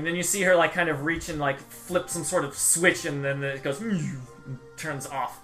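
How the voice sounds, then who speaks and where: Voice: mid-range voice, fairly even intonation, moderate pace, bright, forceful tone, faint music behind. A game master narrating a tabletop game scene, descriptive and often laughing. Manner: descriptive, laughs between lines.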